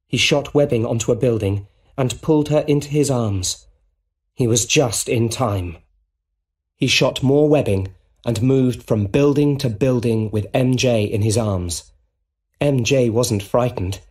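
A man reading a simple storybook in slow, deliberate narration for English learners. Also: mid-range voice, darkish tone, breathy edge. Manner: plain and deliberate.

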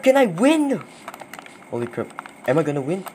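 A young man calling out his own gameplay, his pitch jumping all over as he gets excited and nervous. He repeats himself constantly, and a faint hum of room noise sits under his voice. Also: moderate pace, pauses often. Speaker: gaming video creator. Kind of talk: live gameplay commentary.

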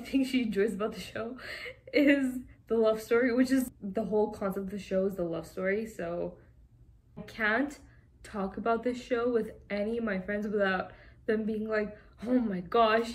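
A woman's voice: medium pitch, moderate pace. A young woman from Canada chatting casually and giggling as she reads fan tweets aloud. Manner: chatty and giggly, often laughing. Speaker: vlogger.

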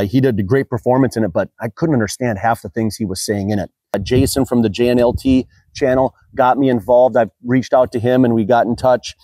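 An American car detailing YouTuber talks casually in a product review vlog, chatty and rambling with plenty of fillers. His mid-range voice is mellow, and there's no echo.

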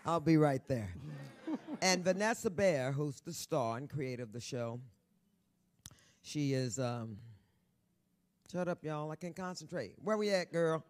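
A woman in her sixties, a guest author telling stories on stage at a live event, brassy, bawdy and loud, laughing often and talking straight to the audience. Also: low voice, lively intonation, unhurried, long pauses. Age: 60s. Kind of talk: storytelling on stage.

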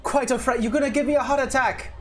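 A smothering older cat-folk mother, voiced by a game master who scolds and dotes on her runaway daughter. Her voice climbs high and runs fast when she frets. Soft music sits under the tabletop session. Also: steady tone. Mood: fussing scold. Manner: scolding, doting.

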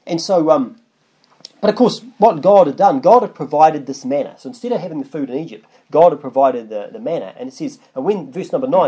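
A man's voice: on the high side, lively intonation, fairly quick, warm tone. A man preaching a conversational sermon that wanders and restarts, reading long scripture passages aloud. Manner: conversational, rambling, with restarts and asides.

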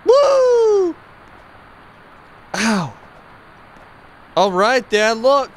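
A man hosting a casual game let's-play, excitable and playful, often bursting into high yelps. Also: measured pace, a little hiss or hum. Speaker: gameplay channel host.

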